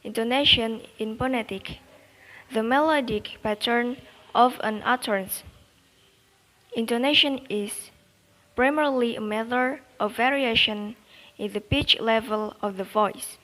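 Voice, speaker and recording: Brief: young female student, slow delivery, repeats examples, reverberant sound. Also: fairly high pitch, a bit bright. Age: young adult. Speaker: student presenter. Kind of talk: class presentation. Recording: long reverb.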